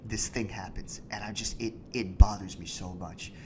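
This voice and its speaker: A man co-hosting a podcast, telling stories in casual chat with a profane, animated manner. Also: fairly low pitch, moderate pace, a little hiss or hum. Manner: profane, animated storytelling with frequent laughs. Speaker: podcast co-host.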